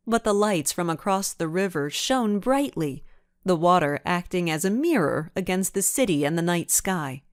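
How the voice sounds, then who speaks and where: A woman narrating a children's mystery audiobook in an expressive storytelling manner. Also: lowish voice, no echo, clean studio sound. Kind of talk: scripted narration.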